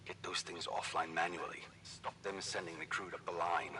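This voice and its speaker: A man voicing a gruff, protective older rig veteran with a South African accent, briefing urgently over the radio in a game. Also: low-pitched, moderate pace, natural voice. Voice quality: gruff, swears under stress. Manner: urgent radio briefing, then soothing and stubborn. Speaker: radio contact at headquarters. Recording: game audio with steady background noise.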